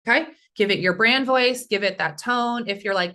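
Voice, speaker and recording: A woman's voice: medium pitch, brisk, few pauses, bright, forceful tone. A woman speaker teaching a casual screen-share workshop over a video call, chatty and talking straight to her audience. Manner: chatty, talks to the audience, often asks "right?".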